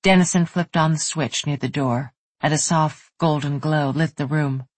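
An audiobook narrator giving a soft, unhurried, intimate reading of a romance novel. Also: medium pitch, steady tone, no room sound.

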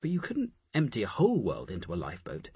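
A man voicing an eager, excitable companion in an audiobook, speaking in a quick, excited way. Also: fairly low pitch, husky, full character voice.

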